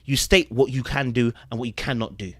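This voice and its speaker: Fast and mid-pitched, a man hosting a podcast riffs casually on a dating show, performing quotes with animation and asking rhetorical questions. The recording is dry and studio quality.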